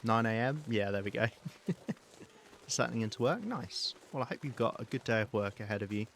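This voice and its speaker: A British man live-streaming a survival game, talking calmly and softly to his chat while he plays. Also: medium pitch, moderate pace, a little hiss or hum. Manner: calm, soft-spoken, chatty with viewers.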